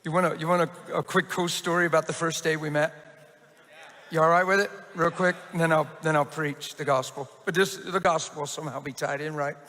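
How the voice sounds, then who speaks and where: Pastor, male, high bright voice, lively storyteller, long church echo. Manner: animated storytelling, quick restarts. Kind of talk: testimony sermon. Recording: reverberant church hall.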